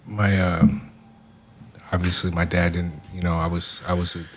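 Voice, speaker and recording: A man in his forties from the Seattle area, a podcast guest talking in a reflective, soft-spoken way with many fillers. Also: low-pitched, flat delivery, normal speed, slight background noise. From Seattle area, USA. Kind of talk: casual podcast conversation.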